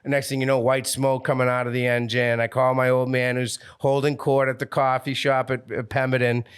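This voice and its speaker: A man's voice: medium pitch, flat delivery, fairly quick, clean tone. A man with a Northeastern US accent telling a fishing story on a podcast, acting out the voices of the people he quotes. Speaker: fishing captain guest.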